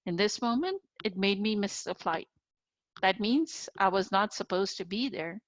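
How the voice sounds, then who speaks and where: A woman's voice: medium pitch, expressive, moderate pace, no room sound. A woman co-hosting a reflective spiritual conversation, talking earnestly and unhurriedly with frequent fillers and "right?" tags. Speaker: co-host. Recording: dry, slightly dull audio.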